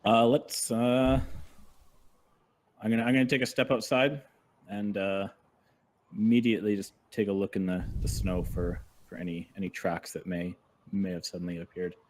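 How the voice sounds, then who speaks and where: A man plays in a tabletop game, hesitant and thinking aloud as he speaks in character. His voice is very low and deep. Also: fairly even intonation, moderate pace, darkish tone. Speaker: player.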